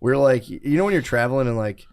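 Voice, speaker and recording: A man's voice: mid-range voice, animated, fast. A young man on a podcast, telling a rambling, profane story in casual chat, with frequent laughs. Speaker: podcast host.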